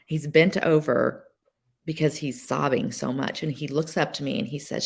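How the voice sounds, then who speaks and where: A woman guest sharing a personal story on a podcast, emotional and halting, with many fillers and restarts. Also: low-pitched, steady tone, vocal fry, breathy edge. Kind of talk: candid personal testimony.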